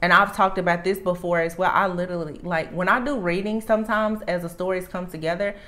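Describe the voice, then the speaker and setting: Low-voiced woman giving an earnest tarot reading. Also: fairly even intonation, quick pace, bright, forceful tone. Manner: earnest and emphatic, with frequent restarts and "like". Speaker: tarot reader.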